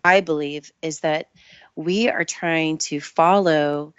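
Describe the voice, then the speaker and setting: Brief: woman guest, very low voice, thoughtful and measured, lo-fi dry remote sound. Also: steady tone, clear, resonant tone, no room sound. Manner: thoughtful, measured, restarts phrases. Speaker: Ayurvedic practitioner guest. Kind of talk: casual interview chat.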